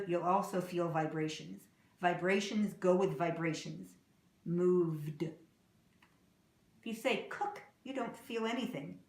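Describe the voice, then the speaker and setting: A woman teaching English pronunciation, saying example words slowly and clearly and repeating them. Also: lowish voice, roomy sound. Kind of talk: slow, deliberate pronunciation lesson.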